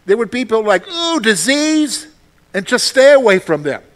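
High-voiced man preaching conversationally. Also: expressive, quick pace. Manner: conversational preaching, asks the congregation questions and acts out voices. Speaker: pastor. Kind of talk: sermon.

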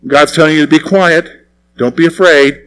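A man's voice: on the high side, fairly even intonation, moderate pace, a bit bright, smooth, low-quality recording. A man preaching a radio sermon in a conversational way, putting questions to his congregation. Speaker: pastor. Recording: recorded sermon broadcast on radio.

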